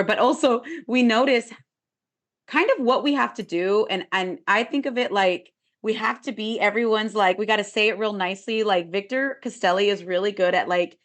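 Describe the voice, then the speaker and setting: A woman's voice: mid-range voice, normal speed. A woman therapist who is a podcast guest, speaking in a thoughtful, reflective way in casual chat.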